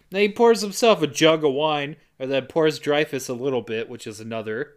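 A man co-hosting a podcast, retelling a movie scene by scene in casual chat and briskly quoting the characters. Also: a little high. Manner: brisk storyteller quoting characters in quick voices. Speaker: podcast co-host.

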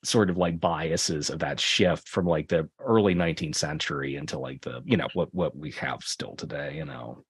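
A man's voice: very deep voice, normal speed, hardly any pauses, breathy edge. A man co-hosting a podcast, recapping a film in casual chat, rambling, swearing and laughing often. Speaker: podcast co-host.

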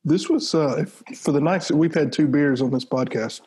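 A man co-hosting a casual beer podcast, talking in halting, restarting phrases. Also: a little high, darkish tone, slightly rough. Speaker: podcast co-host. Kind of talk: casual beer-tasting chat.

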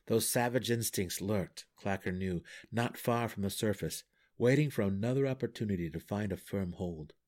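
A man reading a fantasy novel aloud for a podcast with dramatic, animated storytelling. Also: lowish voice, normal speed. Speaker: audiobook podcast reader.

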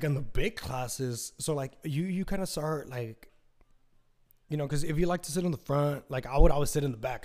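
A man's voice: on the high side, a little mellow. A young man hosting a casual solo podcast, telling a rambling, profane story and acting out quotes in raised voices. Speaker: podcast host.

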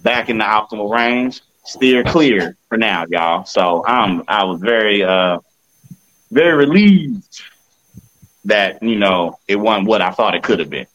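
A man's voice: lowish voice, animated, a little slow, fairly bright tone. Laid-back male podcast co-host, lo-fi. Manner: laid-back, keeps asking "you know what I'm saying". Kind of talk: casual chat.

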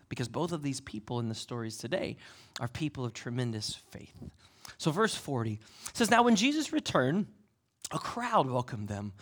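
A lively male pastor with a high voice delivers a sermon. His preaching is expressive, swinging between loud emphasis and hushed asides.

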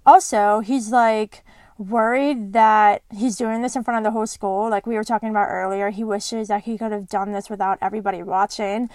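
A woman's voice: mid-range voice, fairly even intonation, normal speed, darkish tone, no room sound. A young woman hosting a podcast, recapping a book in a bubbly, giggly way. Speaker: podcast host. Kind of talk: casual chat retelling a book.

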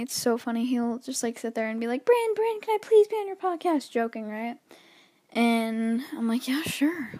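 A teenage girl with a fairly high voice rambles through her solo podcast, nervous and heavy-breathing. She keeps drifting off topic and poking fun at herself. The sound is dry and close, with no room around it. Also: a little mellow, dry recording. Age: teens. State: breathing heavily from nerves. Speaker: podcast host. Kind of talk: casual solo podcast chat.

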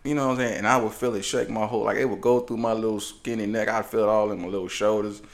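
A man's voice: on the low side, steady tone, fast. A man co-hosting a podcast, telling stories in a casual chat, laughing often and mimicking the voices of people he talks about. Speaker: podcast co-host.

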